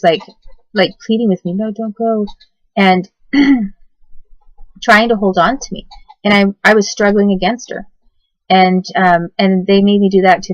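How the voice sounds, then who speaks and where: A woman with a lowish voice speaks haltingly, full of fillers and restarts. She sounds tired. The recording is dull, muffled and dry. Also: no echo. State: tired, yawning. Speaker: person telling her own story. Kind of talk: personal testimony to camera.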